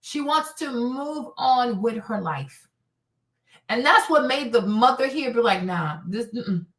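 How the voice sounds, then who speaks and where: Fiery high-voiced woman host ranting profanely in an echoey room. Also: animated, unhurried, a bit bright. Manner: heated, blunt and profane, repeating lines for emphasis. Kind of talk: casual commentary.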